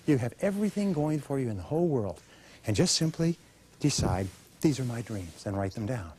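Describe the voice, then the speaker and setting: A man's voice: medium pitch, sing-song, a little fast, darkish tone, a little hiss or hum. A man giving a motivational seminar talk, emphatic, asking rhetorical questions and having the audience repeat his lines. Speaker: motivational speaker.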